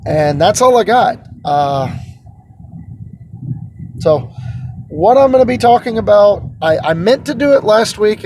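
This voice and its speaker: A man's voice: high-pitched, a little mellow, slight background noise. A man hosting his channel, chatting casually and rambling a little, with a self-deprecating streak, recorded inside a car. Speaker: host. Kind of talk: casual vlog chat.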